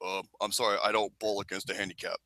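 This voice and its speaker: A man doing a mock-tough impression of a famous wrestler in a low, hushed voice. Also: little pitch movement, fast talker.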